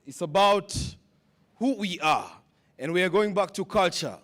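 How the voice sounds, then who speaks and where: A man's voice: high-pitched, expressive, a little slow, a bit bright. A man speaking at a leadership summit, giving a motivational speech that repeats questions to the audience. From West Africa. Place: conference hall.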